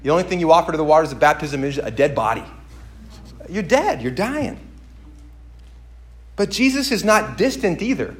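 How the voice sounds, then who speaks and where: High-voiced man preaching with fervor. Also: sing-song, moderate pace, pauses often. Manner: swings from hushed to loud emphatic preaching. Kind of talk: sermon.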